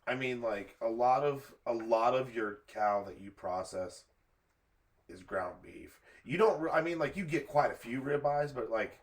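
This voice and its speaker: A man's voice: mid-range voice, lively intonation, unhurried. A man co-hosting a podcast in casual chat, speaking hesitantly with many fillers. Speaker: podcast co-host.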